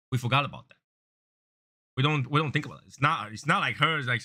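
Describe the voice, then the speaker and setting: Here the cigar channel host is expressive and fairly quick, though he leaves long pauses. In this casual, earnest chat he rambles and repeats, his voice growing louder and higher as he acts out angry callers.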